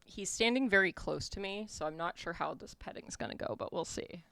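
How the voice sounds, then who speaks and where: A woman chats casually while streaming a game from home, throwing out dry, wry asides. Her voice sits low and carries a gravelly fry. The sound is close and dry, with little room in it. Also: expressive, a little fast, a bit bright, no echo. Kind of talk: casual gameplay commentary.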